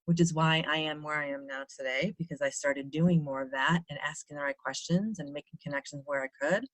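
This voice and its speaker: A woman's voice: low-pitched, fairly even intonation, fairly quick, no room sound. A woman hosting a podcast interview, talking earnestly and emotionally with many restarts. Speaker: podcast host. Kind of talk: casual interview.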